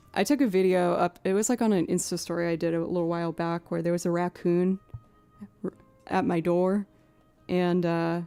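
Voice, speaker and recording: A woman's voice: on the low side, dark tone, clear, resonant tone, dry recording. A woman in her thirties from outside Boston, chatting casually with viewers on her stream in a rambling way, full of fillers and a Boston accent with a hint of Southern. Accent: Boston with a creeping Southern twang. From New England, outside Boston. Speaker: streamer and musician. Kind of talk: casual live-stream chat.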